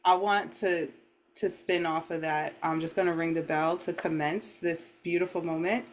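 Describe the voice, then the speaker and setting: A woman hosting a podcast, opening the show in a gentle, unhurried way with spiritual phrasing. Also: on the low side, fairly even intonation, slight background noise. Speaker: podcast host. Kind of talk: podcast opening and host talk.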